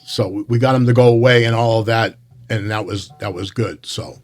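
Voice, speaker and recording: A man's voice: fairly low pitch, steady tone, brisk. A man who works as a baseball umpire, telling stories about the job in casual chat with earnest emphasis.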